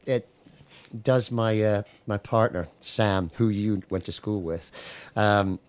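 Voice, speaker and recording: A man's voice: lowish voice, slow, a little mellow. An American man who plays guitar and writes songs, talking casually in a radio interview with a rambling, easygoing manner and plenty of fillers. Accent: American, picking up Scottish words. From United States. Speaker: singer-songwriter guest. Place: radio studio.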